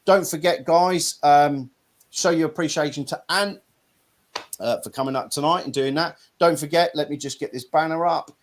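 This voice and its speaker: A man's voice: fairly high pitch, moderate pace. A middle-aged man from Norfolk, England, hosting a casual live-stream chat in a blunt, chatty way with some mild swearing. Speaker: host.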